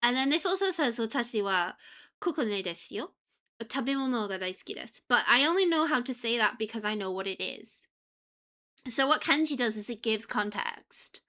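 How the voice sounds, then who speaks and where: A woman's voice: on the high side, lively intonation, moderate pace, bright, forceful tone. A young woman streamer chatting casually, scattered and full of ums, breaking off mid-sentence. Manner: chatty, scattered, lots of ums and self-interruptions. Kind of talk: casual live-stream chat.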